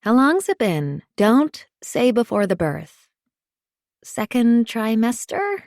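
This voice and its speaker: A woman's voice: very animated, slow, darkish tone, no echo, clean studio sound, full character voice. A woman voicing a blunt, teasing young woman. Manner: frank, teasing, raised pitch. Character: blunt teasing female friend, young adult.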